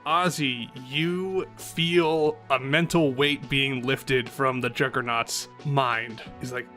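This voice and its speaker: A man's voice: mid-range voice, fairly even intonation, slow, hardly any pauses, pushed and bright, soft background music. A man narrating a tabletop game as game master in a playful way. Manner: playful, laughs often.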